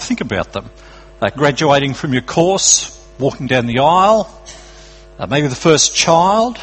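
An older Australian man preaching a sermon in an earnest, conversational way, going from lively emphasis to quiet drops. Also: a little high, slightly rough, poor audio.

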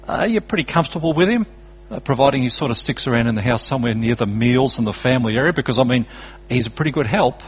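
Husky older Australian preacher. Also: male voice, mid-range voice, low-quality recording. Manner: conversational and earnest, swinging between lively emphasis and quiet drops. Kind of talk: sermon.

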